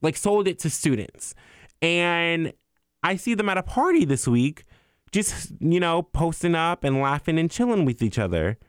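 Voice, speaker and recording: A young man telling a story in a heated, profane rant, exasperated and animated as he vents. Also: fairly high pitch, a little slow, clean tone, no room sound, clean studio sound. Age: young adult. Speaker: vlogger. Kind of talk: ranting storytime.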